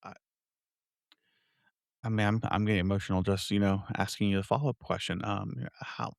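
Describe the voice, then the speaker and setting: A man asks gentle follow-up questions in a fairly low voice, halting and restarting as he gets emotional. His voice sounds dry and close. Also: little pitch movement, gravelly, no echo. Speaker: interviewer. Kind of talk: empathetic interview questions.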